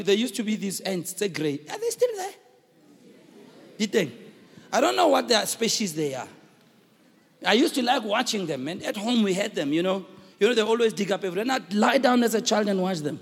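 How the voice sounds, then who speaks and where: A South African man preaching a sermon as pastor, with fervent shouted emphasis and call-and-response, recorded in a church hall. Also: sits high, gravelly, breathy edge. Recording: echoey hall reverb.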